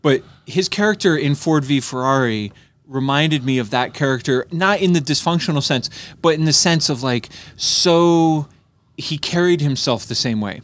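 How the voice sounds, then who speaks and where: Chatty man telling stories, slightly high. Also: normal speed. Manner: rambling storyteller with frequent restarts, acts out dialogue. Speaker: podcast co-host. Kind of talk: casual chat reviewing a movie.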